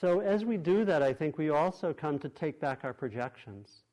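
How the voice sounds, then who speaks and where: This meditation teacher's voice is fairly high, animated, and dark in tone as he addresses a group in a meditation hall. His dharma talk unfolds thoughtfully and without hurry, marked by many pauses and restarts.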